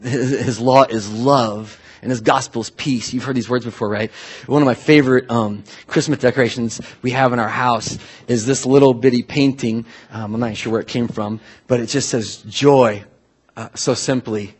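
A man preaching a sermon in a casual, animated way, often restarting his sentences. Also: mid-range voice, moderate pace, breathy edge. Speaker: pastor.

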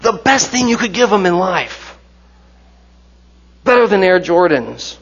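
A pastor in his forties preaches in a church sanctuary, keeping it conversational with joking asides and rhetorical questions. His high-pitched voice is sing-song, a little slow, a bit bright and slightly rough. The sound is dull, with long hall reverb.

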